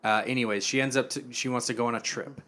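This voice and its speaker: A young man co-hosting a podcast, casually retelling a TV episode and acting out the characters' lines in quiet quoted voices. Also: medium pitch, steady tone, quick pace. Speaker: podcast co-host.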